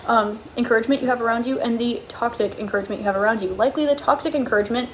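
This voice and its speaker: A woman's voice: on the high side, racing, slight background noise. A woman giving a casual, chatty tarot card reading, bubbly and full of "like" and "okay?".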